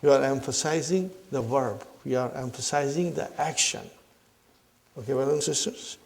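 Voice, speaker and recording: A man's voice: medium pitch, moderate pace, creaky. A man teaching an Arabic grammar lesson to a class, who repeats his questions, checks that students follow and calls them brothers and sisters. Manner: repeats questions to the class, checks understanding with "huh?" and "are you with me"; addresses listeners as brothers and sisters.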